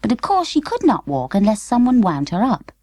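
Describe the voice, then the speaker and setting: A woman narrating a children's story in a lively, expressive storybook manner. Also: a little high, brisk, no room sound. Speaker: audiobook narrator.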